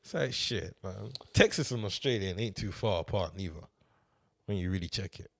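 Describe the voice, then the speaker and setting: A man's voice: low-pitched, animated, moderate pace, vocal fry, no echo, studio quality. A young man, co-hosting a film review podcast and ribbing his friend in casual banter. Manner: playful, mock-scolding banter. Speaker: podcast co-host reviewing films. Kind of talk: casual chat.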